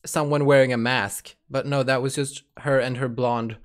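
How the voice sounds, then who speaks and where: A host giving a casual reaction commentary, excitable, bursting into gasps, shrieks and the odd swear word. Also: moderate pace. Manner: lively, jumpy pitch.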